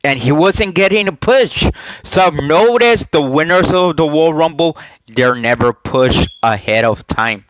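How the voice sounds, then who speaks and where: A man recording a casual vlog on a headset, talking in a halting way, repeating himself and asking viewers questions. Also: fairly high pitch, expressive, fairly bright tone, no room sound, rough recording. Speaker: YouTuber giving wrestling predictions.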